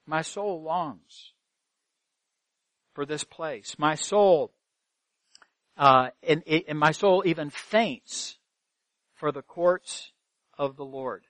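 A man's voice: fairly high pitch, takes it slowly, long pauses, a bit bright, no room sound. A man preaching a sermon as pastor, earnest, asking rhetorical questions and repeating phrases for emphasis. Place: church sanctuary.

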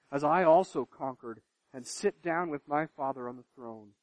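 Male preacher, high voice, dry recording; emphatic sermon delivery that drops to near-hush, repeats words at phrase starts. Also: normal speed, hardly any pauses, no room sound. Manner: swings from loud emphatic declaration to hushed quiet pleading. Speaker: pastor.

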